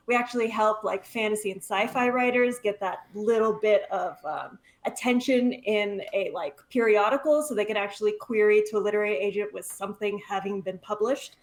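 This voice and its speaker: A young woman who runs a nonprofit, a guest in an online interview, talking brisk and candid and swearing casually. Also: mid-range voice.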